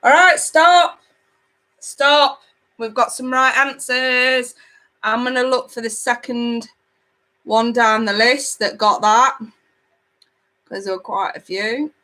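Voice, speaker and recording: A woman's voice: fairly high pitch, slow pace, pauses often, bright, forceful tone. Woman doing a live tarot stream, chatty and affectionate, talks straight to viewers. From United Kingdom. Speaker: tarot reader hosting a livestream. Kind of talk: casual livestream chat.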